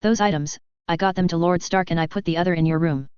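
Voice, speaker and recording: An earnest, loyal young guard who speaks plainly, as a woman reads him. The voice is low and very smooth. The recording is dry. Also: fast talker, darkish tone, no room sound, lightly acted. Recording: slightly dull, dry lo-fi recording.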